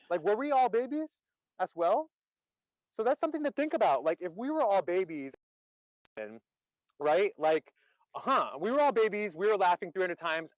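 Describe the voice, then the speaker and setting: Guy running a laughter workshop on a video call, kinda high voice, says like a lot, dry slightly muffled audio. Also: no room sound. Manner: energetic, asks the audience many questions; chatty, many "like" fillers. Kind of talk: interactive online workshop talk.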